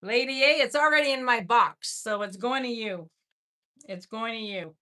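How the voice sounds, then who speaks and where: A woman's voice: a little high, moderate pace, sharp tone. A woman hosting a live jewelry sale, chatting in an effusive way and often repeating her words. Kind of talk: casual live-stream selling.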